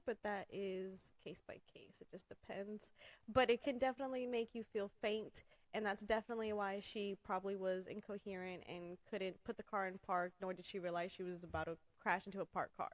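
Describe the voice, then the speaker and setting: A woman co-hosting a relaxed podcast talks at an ordinary middle pitch. She explains and reminisces in a chatty, filler-heavy way. Her voice sounds close and dry. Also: no room sound. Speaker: podcast co-host. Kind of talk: casual chat.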